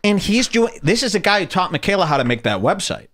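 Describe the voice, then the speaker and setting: A man's voice: high-pitched, sing-song, fast talker, fairly bright tone. A man hosting a podcast, commenting on clips in a sarcastic, mocking way. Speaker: podcast host. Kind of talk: casual commentary.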